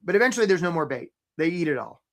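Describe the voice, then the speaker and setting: A man's voice: on the high side, sing-song, fast, a bit bright. A man hosting a live career webinar, talking energetically and conversationally, often checking in with "right?" and greeting attendees by name.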